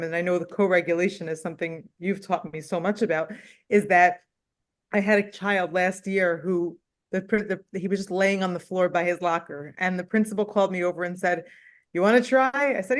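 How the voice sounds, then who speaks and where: A woman teacher talking fast and with high energy in a casual meeting conversation. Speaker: special education teacher.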